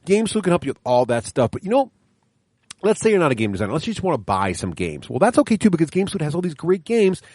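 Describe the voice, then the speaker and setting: A man co-hosting a casual board game podcast, energetic and playful, laughing often. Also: on the high side, very fast, no room sound, clean studio sound. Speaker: podcast co-host.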